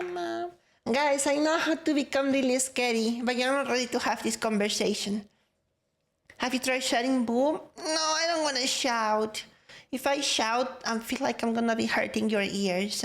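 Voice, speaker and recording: Playful young woman streamer. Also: on the high side. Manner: playful, greets chat by name. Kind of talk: casual live-stream chat.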